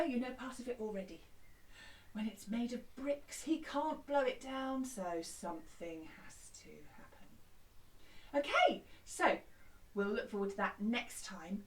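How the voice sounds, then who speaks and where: A woman teaching a children's music lesson in a gentle, encouraging way, often breaking into song. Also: on the high side. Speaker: primary school music teacher. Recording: echoey room, distant mic.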